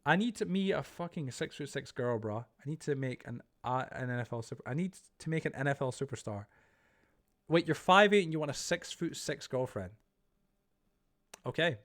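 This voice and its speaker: Man, young adult, streamer, casual chat, swears a lot, reads chat aloud, mid-pitched. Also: animated, moderate pace, fairly bright tone. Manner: chatty, swears freely, reads viewer chat aloud and reacts. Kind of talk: casual live-stream chat while gaming.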